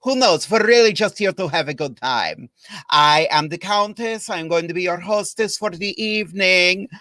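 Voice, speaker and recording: A man's voice: sits high, normal speed, bright, forceful tone, dry recording, clean studio sound, pitched above the performer's own voice. A man voicing a theatrical female vampire countess who plays hostess, welcoming guests with mock grandeur in a put-on accent.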